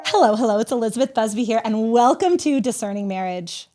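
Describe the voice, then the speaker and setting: Effusive, high-voiced woman podcast host. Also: animated, fast, over loud music. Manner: effusive and emotional, talking in gushing bursts. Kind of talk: casual podcast conversation.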